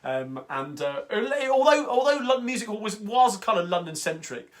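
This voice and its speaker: A man's voice: high-pitched, big pitch swings, moderate pace. A man hosting a singalong livestream, chatting casually and eagerly between songs with plenty of ums and uhs. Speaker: singalong host. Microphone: home livestream mic. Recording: guitar music close behind the voice.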